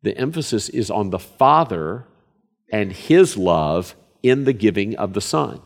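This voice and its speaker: A man's voice: fairly low pitch, a little mellow. A man preaching a sermon, earnest and emphatic, often repeating phrases for stress.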